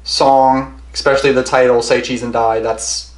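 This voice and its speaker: A man's voice: medium pitch, little pitch movement, moderate pace. Rambling, swearing young male album reviewer. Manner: rambling, heavy swearing, repeats himself. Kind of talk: casual music review monologue. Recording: roomy echo.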